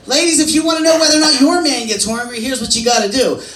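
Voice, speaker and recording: A man's voice: very high voice, fast, fairly bright tone. A man performing a crude stand-up set on a comedy club stage and acting as emcee, with punchy delivery. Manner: crude, punchy joke delivery with acted-out quotes. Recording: roomy club sound from a distance.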